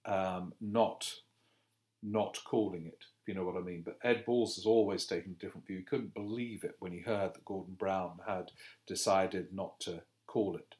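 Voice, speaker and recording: A man hosting a political podcast, reading listener questions and answering them in a halting way, full of fillers and self-corrections. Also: low voice, steady tone, darkish tone. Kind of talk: casual political commentary.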